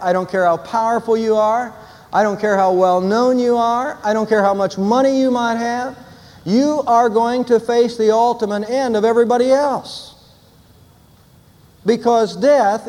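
An older man delivers an Easter sermon from the pulpit, moving between a relaxed story and firm, emphatic declarations. His voice sits high for a man. It carries the long reverb of a church sanctuary. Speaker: pastor.

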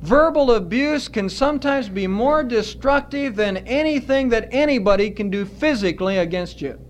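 A man preaching a sermon as pastor, earnest and emphatic, stretching out his words with pauses. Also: extremely high pitch, animated, a little hiss or hum.

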